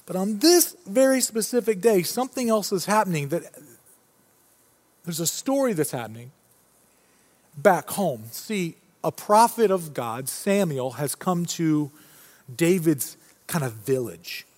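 A man's voice: sits high, lively intonation, measured pace, darkish tone. A male pastor preaching a casual, story-driven sermon in a church auditorium, often restarting his phrases. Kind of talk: conversational sermon. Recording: long reverb from a large hall.

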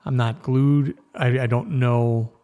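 A man's voice: medium pitch, steady tone, slow, warm tone. A man hosting a rambling, casual news talk show, often stopping and restarting mid-sentence. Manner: rambling, self-interrupting, chatty. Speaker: news podcast host.

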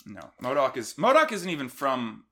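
A man in casual chat about a movie, who acts out the characters' lines in quick voices. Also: mid-range voice, big pitch swings, crowd noise.

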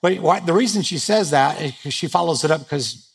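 A man's voice: on the high side, animated, fairly quick, vocal fry, husky. A man preaching a sermon to a live audience in a humorous, conversational way, joking at his own expense. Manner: humorous, conversational, self-deprecating. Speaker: pastor. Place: stage before a live audience.

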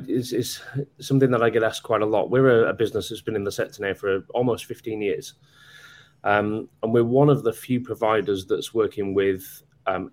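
A man, a guest, explaining his work over a video call in a hesitant way with many ums. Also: fairly low pitch. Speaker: guest company representative.

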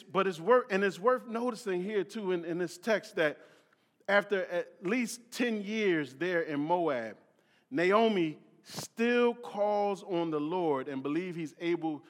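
A male preacher from Philadelphia reading scripture and explaining it, often stumbling over and repeating his words. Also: high voice. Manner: repeats words, restarts often, many fillers, reads scripture aloud. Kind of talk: sermon. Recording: long hall reverb.

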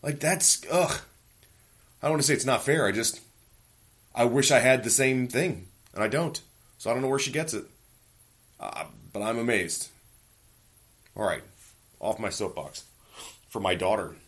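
Profane ranting man in his forties, husky. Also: mid-range voice, normal speed, pauses often. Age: 40s. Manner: profane, ranting, animated storytelling. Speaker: podcast host. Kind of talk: casual monologue.

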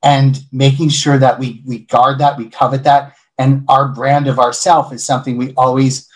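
Interview guest, male, from Buffalo, animated storyteller, conversational. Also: mid-range voice, normal speed, rough recording. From Buffalo, New York. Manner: animated storyteller who acts out quoted voices. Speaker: interview guest, hospitality leader.

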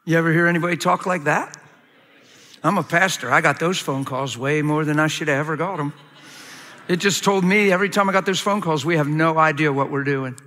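A middle-aged male pastor preaching a sermon, telling stories with animated acted-out quotes. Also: a little high, fairly quick. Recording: long hall reverb.

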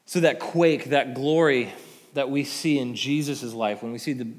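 A male pastor giving a conversational sermon, tagging points with "right?", rising to emphatic peaks and dropping to soft endings. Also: mid-range voice, normal speed. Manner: conversational preaching with frequent "right?" tag questions. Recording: long hall reverb.

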